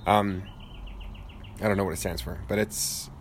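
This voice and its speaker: A man with a lowish voice talking in relaxed casual chat, dry and a little rambling. He sits outdoors on a porch swing, with faint ambient noise around him. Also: normal speed. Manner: laid-back, dry humor, rambling with fillers. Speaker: podcast co-host.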